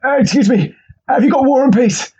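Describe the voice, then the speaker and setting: A man voicing a male gym meathead who groans and strains in a high, pained voice. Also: a little fast, mellow, muffled recording, a little hiss or hum. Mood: straining.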